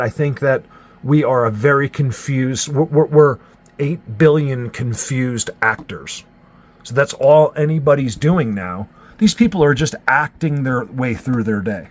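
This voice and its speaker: A man's voice: mid-range voice, measured pace. A man from New Jersey, a Bigfoot researcher, talking in a rambling, emphatic vlog rant. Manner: rambling and emphatic, restarts often.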